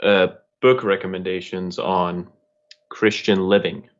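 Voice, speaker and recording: Caller, male, lowish voice, hesitant and polite, muffled call audio. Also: flat delivery, unhurried. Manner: hesitant, polite, laughs shyly. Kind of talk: asking questions on a video call.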